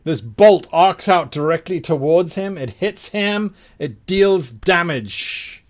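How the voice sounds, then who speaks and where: A man narrating a tabletop game as game master, describing scenes in slow detail. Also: fairly high pitch, lively intonation, a little hiss or hum.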